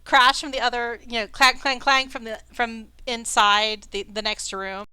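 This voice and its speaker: A woman game master narrating a tabletop game in a chatty, animated way. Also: fairly high pitch, unhurried, clear, resonant tone, no echo.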